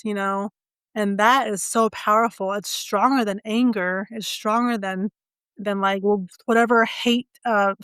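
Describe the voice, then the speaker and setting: A middle-aged woman recounts a personal experience in an unhurried, halting way, tripping over first sounds and leaning on small fillers. Her voice sits at an ordinary middle pitch. The sound is dry and close, with no room around it. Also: fairly bright tone, clear, resonant tone, dry recording. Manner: halting, many stutters and fillers. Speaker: podcast guest. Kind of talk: personal storytelling.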